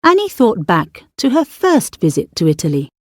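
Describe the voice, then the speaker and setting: A woman reads an audiobook story with measured, expressive storytelling. Her pitch rises and falls in a lively way, and the sound is dry and close. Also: no room sound. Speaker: audiobook narrator. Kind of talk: scripted audiobook narration.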